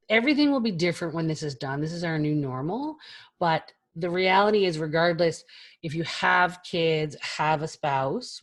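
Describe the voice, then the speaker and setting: A woman in her forties speaks candidly to an online audience over a video call, with a slightly low voice. Her talk is chatty and frank, and she drops casual swear words as she goes. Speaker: keynote speaker.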